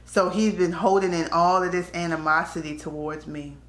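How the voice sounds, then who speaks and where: Woman vlogger, low-pitched and candid, talking straight to camera in a roomy, echoey space. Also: flat delivery, moderate pace. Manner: candid, conversational, slips into quoted voices. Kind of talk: casual storytelling to camera. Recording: echoey room.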